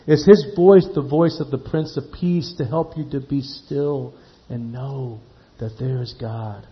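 Animated male preacher, lo-fi sound. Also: medium pitch, measured pace. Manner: animated storytelling, acts out dialogue, asks the congregation questions. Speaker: pastor. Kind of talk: sermon.

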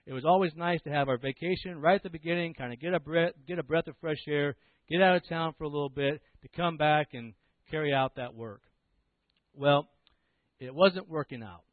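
A man's voice: fairly high pitch, dry recording. A pastor telling a personal story in a sermon, then urging his listeners to receive the gift he preaches about. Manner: storytelling, then earnest gospel appeal. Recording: tinny phone-like sound.

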